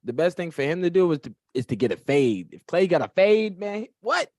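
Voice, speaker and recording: A man's voice: sits high, sing-song, brisk, a little mellow, dry recording, studio quality. A man co-hosting a casual fight-watching stream, speaking, joking loosely and rambling in slang. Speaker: podcast co-host.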